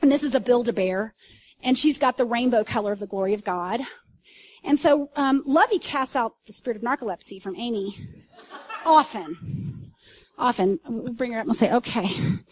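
A woman pastor preaching to a congregation, telling stories in an animated way with loud bursts and asides. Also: high-pitched. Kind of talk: sermon. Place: church service.

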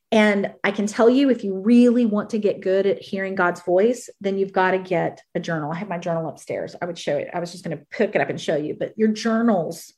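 A woman hosting a faith podcast, leading a spoken prayer and teaching in an earnest way, repeating phrases for emphasis and dropping softer at the ends of prayer lines. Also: mid-range voice. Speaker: podcast co-host and Christian ministry coach.

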